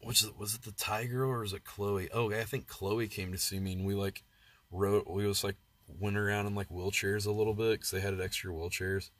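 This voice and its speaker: An American man with a lowish, fairly flat voice livestreams himself rambling through crude personal stories and laughing at his own expense. He talks at a moderate pace, and the recording is dry.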